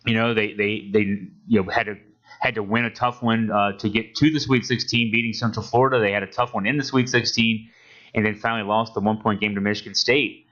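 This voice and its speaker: Bright-voiced man hosting a sports podcast. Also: lowish voice, fairly even intonation, brisk. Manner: rambling, many restarts and fillers. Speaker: podcast host. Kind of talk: casual sports podcast chat. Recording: dull lo-fi audio.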